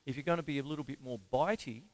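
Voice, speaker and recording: A man from Australia with a middle-pitched voice gives a relaxed, chatty drum lesson on a live stream. He keeps counting the beats aloud as he explains rhythm. A drum kit plays faintly in the background. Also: rapid-fire, music in the background. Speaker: drum teacher. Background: drum kit playing.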